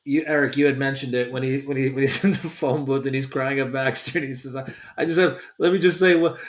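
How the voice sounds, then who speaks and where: A man co-hosting a casual podcast, giving relaxed, measured opinions. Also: medium pitch, heavy background noise. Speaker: podcast co-host. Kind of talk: casual chat.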